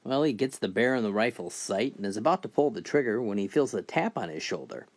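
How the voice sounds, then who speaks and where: A man telling a string of crude jokes in a steady, scripted narration voice. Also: lowish voice, brisk. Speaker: joke teller.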